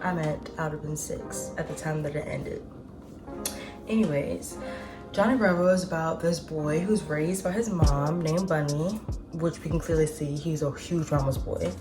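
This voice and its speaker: A woman's voice: deep voice, normal speed, music in the background. Chatty slangy woman in her twenties. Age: 20s. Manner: chatty, slangy and profane, with asides and laughs. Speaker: vlogger host. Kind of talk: casual nostalgic chat.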